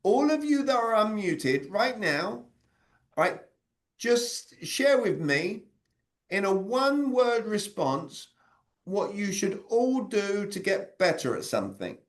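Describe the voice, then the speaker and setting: A man, leading an interactive sales communication training over a video call and quizzing his audience. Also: high-pitched. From Britain. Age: 40s. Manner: energetic, quizzes the audience with quick questions.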